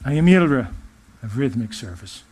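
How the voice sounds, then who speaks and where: A man channeling a benevolent otherworldly male spirit, giving a gentle, uplifting spiritual address in a put-on English-sounding accent. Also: medium pitch, animated, moderate pace, slightly rough, voice pushed down.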